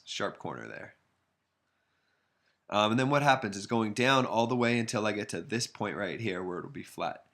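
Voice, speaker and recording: Gravelly low-voiced man teaching math. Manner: relaxed, self-deprecating, thinks aloud while sketching. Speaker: math instructor. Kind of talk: casual recorded math lesson.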